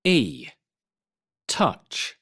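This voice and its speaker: A man announcing section headings of a vocabulary textbook in a drawn-out, emphatic way. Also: a bit bright.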